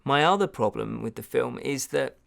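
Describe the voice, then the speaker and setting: A man's voice: mid-range voice, lively intonation, normal speed, gravelly, a bit bright. A man giving a casual film review, chatty and digressive with wry asides.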